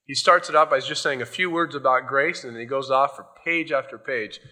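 A man's voice: mid-range voice, brisk, bright, forceful tone. A male pastor giving a sermon in a loose, conversational storytelling way, often adding "you know".

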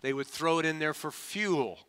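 Brief: male pastor, bright and forceful voice, folksy, emphatic sermon delivery. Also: on the high side, normal speed, clear, resonant tone. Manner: emphatic, calls for audience responses; folksy and humorous.

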